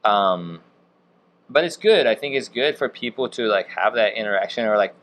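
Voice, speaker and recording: A man's voice: on the low side, animated, moderate pace, a bit bright, slight background noise. A man in his thirties from Wisconsin, a chef and restaurant owner, chatting casually on a podcast in a laid-back way full of fillers. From Wisconsin, USA. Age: 30s.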